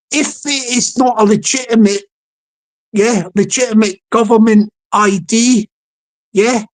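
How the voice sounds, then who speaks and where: Rambling woman streaming live. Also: on the high side. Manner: rambling and repetitive, chuckling, addresses chat viewers. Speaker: livestream host. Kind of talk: casual livestream commentary.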